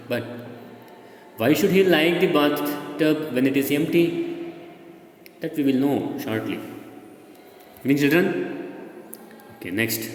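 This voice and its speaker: Patient teacher, echoey room. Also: male voice, medium pitch. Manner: patient and repetitive, often checks if the children follow and spells words out. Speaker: schoolteacher. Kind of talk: recorded lesson for young children. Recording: echoey room, long reverb, faint noise.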